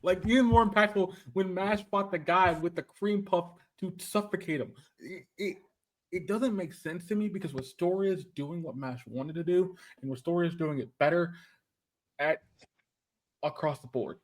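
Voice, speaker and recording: A man's voice: high-pitched, normal speed. A man co-hosting a casual anime podcast, talking emphatically and repeating himself as he argues his points. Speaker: podcast co-host.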